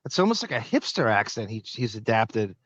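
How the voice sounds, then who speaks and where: A man hosting a podcast in casual chat, sardonic and quick with asides. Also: lowish voice, big pitch swings, a bit bright, no echo. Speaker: podcast host. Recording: dull dry lo-fi sound.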